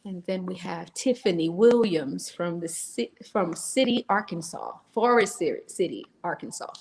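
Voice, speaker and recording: A woman's voice: on the low side, lively intonation, normal speed, creaky, darkish tone, slight background noise. A woman co-hosting a live stream, chatty and laughing as she greets viewers by name. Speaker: co-host. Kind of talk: live-stream chat, reading out viewer names.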